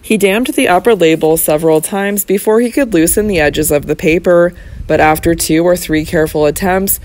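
An audiobook narrator giving a measured, even reading of a Victorian novel. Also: medium pitch.

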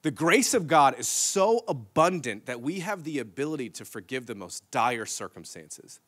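A man in his thirties preaching to his church, telling a story with lots of energy. His voice is bright and forceful, and he often laughs. He swings from loud outbursts to near-whispered asides. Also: medium pitch, very animated, normal speed. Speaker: pastor. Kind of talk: storytelling sermon. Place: church stage.

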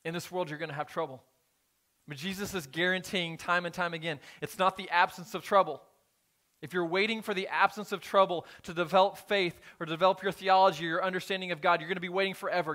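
A man, a pastor, preaching a sermon in a church, moving between quiet scripture reading and emphatic appeals. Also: high voice. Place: church sanctuary.

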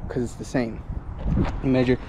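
Outdoor sounds sit behind this young male roofer, a salesman and foreman, as he strolls over roofs and talks loosely about what he sees for a casual vlog. He speaks at medium pitch and moderate speed in a level tone, occasionally getting winded.

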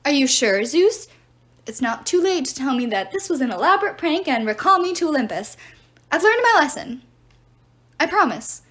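A woman's voice: high voice, very animated, fairly quick, voice pushed up. A woman putting on a dramatic, pleading young god. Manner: pleading, theatrical. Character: dramatic young male god stuck as a mortal. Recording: roomy echo.

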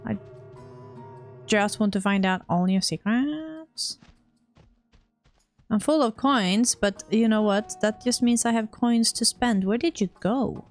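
A woman's voice: a little high, slow, long pauses, soft background music. A woman giving chatty let's play commentary, often scolding herself and talking back to game characters. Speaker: gaming streamer.

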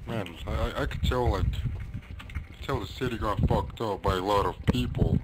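A man's voice: on the low side, moderate pace. Foul-mouthed young man gaming. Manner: profane, shouting in bursts. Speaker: gamer. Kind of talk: gameplay commentary. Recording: loud background noise.

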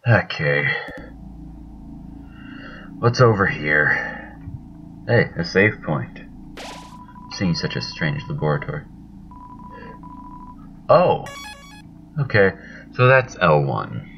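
A deep-voiced man gives casual play-by-play of a video game. He is chatty and self-mocking, and his voice jumps about lively. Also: slow, vocal fry, long pauses, muffled recording, soft background music. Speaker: let's play host. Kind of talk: casual gameplay commentary.

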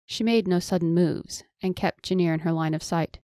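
A woman narrating a fantasy audiobook in measured, scripted storytelling. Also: fairly low pitch, mellow, no room sound, clean studio sound.

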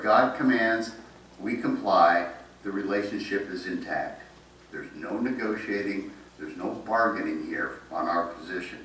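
A man's voice: lowish voice, a bit bright. A man with a Midwestern American accent preaching a sermon, reading scripture aloud with emphasis and then explaining it. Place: church sanctuary. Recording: very echoey room, voice from a distance, faint noise.

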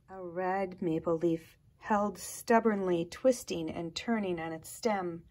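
Slow, breathy woman reading a storybook. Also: fairly low pitch. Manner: slow, gentle, expressive reading with soft hushed passages. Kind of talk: reading a children's picture book aloud.

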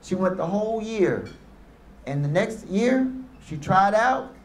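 High-voiced man addressing an audience. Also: animated, slow pace. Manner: storytelling with call-and-response. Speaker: motivational speaker. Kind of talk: motivational speech to youth and parents. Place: room with a live audience. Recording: echoey room.

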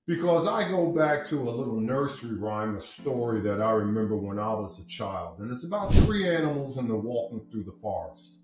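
A man hosting an online class, telling a moral tale in a deliberate, emphatic way from his study. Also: mid-range voice, animated, darkish tone, roomy sound, rough recording. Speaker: host and educator. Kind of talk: storytelling talk. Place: home study.

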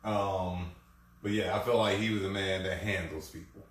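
A man's voice: sits low, steady tone, moderate pace. A man hosting a casual talk show, telling a long rambling workplace story with many restarts. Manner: rambling anecdotal delivery with restarts. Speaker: podcast host. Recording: echoey room, distant from mic.

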